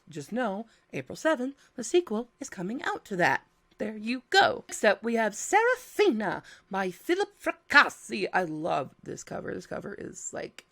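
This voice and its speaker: A woman's voice: on the low side, vocal fry. A woman talks through a list of new book releases in a loose, playful way, musing aloud as she goes. Her voice sounds a little scratchy. She keeps the tone casual and chatty. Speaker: book content creator.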